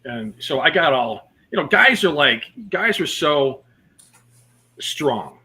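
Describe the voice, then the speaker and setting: A comedian telling personal stories in a casual interview, mixing jokes and fillers. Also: male voice, a little high, very animated, takes it slowly, sharp tone, slightly rough. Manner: storytelling with jokes and many fillers. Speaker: comedian guest.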